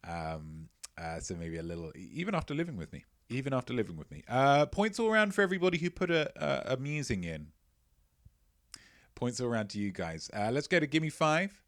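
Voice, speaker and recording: A male quiz host who rambles through live-stream banter in a middle-pitched voice. He jokes, teases himself and trips over his words, repeating phrases. The sound is close and dry, with no room around it. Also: no room sound. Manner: playful, rambling, self-mocking jokes.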